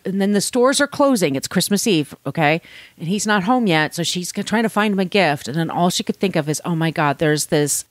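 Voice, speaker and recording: A woman with a fairly low voice retells a story in relaxed chat. She acts out bits of the dialogue as she goes. The sound is dry and close. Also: fairly quick, dry recording. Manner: animated retelling with acted quotes. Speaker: co-host discussing a story. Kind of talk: casual chat.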